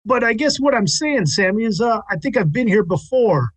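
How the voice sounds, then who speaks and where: Male player, fairly high pitch, dry close mic, halting in-character talk. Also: expressive, dry recording. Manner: hesitant, haggling, with restarts. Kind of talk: in-character tabletop role-play.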